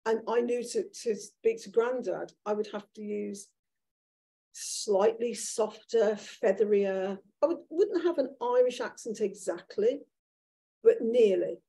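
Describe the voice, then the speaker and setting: A woman in her sixties with a Birmingham accent, a guest author telling candid, animated stories in an onstage conversation before an audience. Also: a little high, measured pace, vocal fry, slightly rough. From Birmingham, England. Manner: animated, candid storytelling with restarts. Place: event room with an audience.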